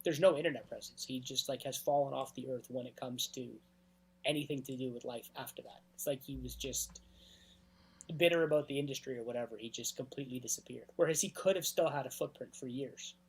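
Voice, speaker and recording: A man with a husky, slightly raspy voice talks through club stories in a casual interview. He rambles through anecdotes as a guest DJ, pausing often to clear his throat. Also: medium pitch.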